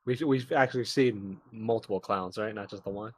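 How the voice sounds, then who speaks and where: A man's voice: on the low side, normal speed, a little hiss or hum. A man playing a tabletop horror game, talking in character with formal, old-fashioned phrasing. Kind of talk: in-character roleplay.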